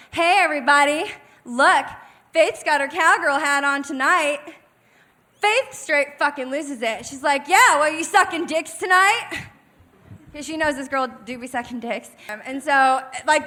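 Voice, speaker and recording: A young woman tells a raunchy stand-up story from a comedy club stage. Her voice is bright and forceful, pitched a little high, and she swears freely while acting out the people in the tale. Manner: brash, profane, acts out voices in the story.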